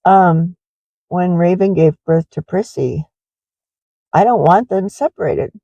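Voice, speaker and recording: A woman's voice: fairly low pitch, animated, unhurried, creaky, dark tone, husky, no room sound, muffled recording. A middle-aged woman who runs a horse ranch, rambling in a confessional way with many fillers in a casual walking vlog.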